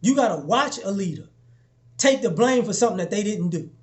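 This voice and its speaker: Young guy with a high voice giving a preachy pep talk, keeps repeating himself. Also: lively intonation, fairly quick. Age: young adult. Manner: preachy, repeats himself, acts out quoted exchanges in a lower voice. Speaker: motivational vlogger. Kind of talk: casual motivational talk to camera.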